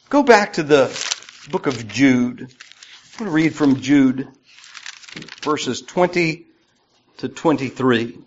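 A man preaching a sermon to his congregation, swinging between loud emphatic peaks and quiet asides. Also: a little high, animated, unhurried, pauses often. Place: church. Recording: dull lo-fi church recording.

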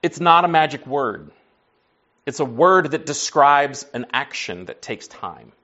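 A man's voice: mid-range voice, lively intonation, a little slow, sharp tone, highs cut off. A man preaching to a class in a conversational teaching style, folksy, asking the group questions and answering them himself. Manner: folksy, says y'all and like.

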